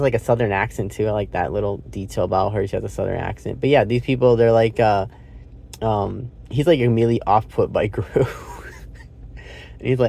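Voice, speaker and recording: A man's voice: medium pitch, gravelly, darkish tone. Rambling man reviewing a movie in his car. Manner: rambling and loose, frequent fillers, swearing, laughing at his own retelling. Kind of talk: casual spoken movie review. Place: inside a parked car.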